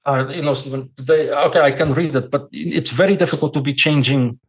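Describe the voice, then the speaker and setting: A man's voice: fairly high pitch, steady tone, fairly quick, breathy edge. Portuguese-accented man lecturing as a guest. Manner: lecturing, repeats words while thinking. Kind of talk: podcast conversation.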